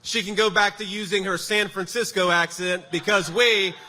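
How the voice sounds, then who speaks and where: A man's voice: sits high, steady tone, normal speed, pushed and bright. Emphatic man giving a rally speech. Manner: emphatic, punchy delivery with sarcastic jabs. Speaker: political candidate at a rally. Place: large rally venue before a crowd. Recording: echoey hall sound with faint background noise.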